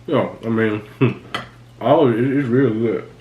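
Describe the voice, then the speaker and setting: A man joining an eating video, talking in a relaxed, easygoing way between bites. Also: medium pitch, a little slow, narrow, tinny audio. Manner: laid-back, short murmured replies. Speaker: guest. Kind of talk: casual chat while eating. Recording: echoey room with background noise.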